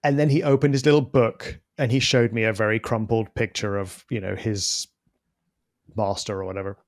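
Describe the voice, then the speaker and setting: A man co-hosting a podcast, telling a story in a casual, animated, self-deprecating way. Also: fairly low pitch, normal speed, no echo, clean studio sound. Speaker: podcast co-host.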